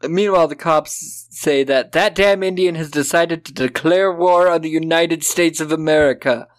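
Guy cohosting a movie podcast, kinda high voice, sarcastic, does goofy voices for the characters. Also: normal speed. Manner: sarcastic, acts out lines in silly voices. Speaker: podcast co-host. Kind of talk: casual movie-recap chat.

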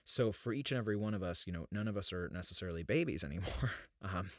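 A man's voice: deep voice, fast, no echo, clean studio sound. A man in his thirties hosting a podcast, talking in an earnest, searching way about inner life, often restarting his sentences. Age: 30s. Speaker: podcast host. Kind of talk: reflective spiritual podcast talk.

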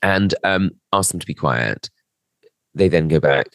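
A man's voice: rumbling low, lively intonation, a little slow, a bit bright, no echo, clean studio sound. A man co-hosting a comedy podcast, telling a rambling, self-mocking story in casual chat. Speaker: podcast co-host.

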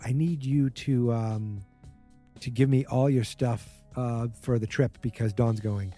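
A man's voice: medium pitch, fairly quick, dark tone, soft background music. A man casually recapping a TV episode, rambling with many fillers and acting out what the characters say.

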